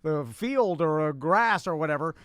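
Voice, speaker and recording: A man's voice: a little high, animated, normal speed, fairly bright tone, a little hiss or hum. A man co-hosting a casual podcast, rambling with hesitant fillers. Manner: rambling, hesitant, laughs along. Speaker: podcast co-host. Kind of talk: casual chat.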